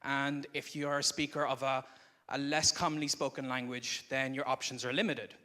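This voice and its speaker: Bright-voiced man giving a conference talk. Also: medium pitch, little pitch movement, normal speed. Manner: conversational, explanatory. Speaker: conference speaker. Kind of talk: live presentation. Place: conference room before an audience. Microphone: microphone.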